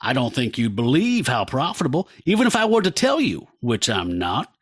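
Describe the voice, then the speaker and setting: A man's voice: mid-range voice, huge pitch swings, brisk, slightly rough, no echo. A man voicing a smug comic-book villain in a put-on American Southern accent, reading his lines in a pompous, pontificating way. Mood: gloating.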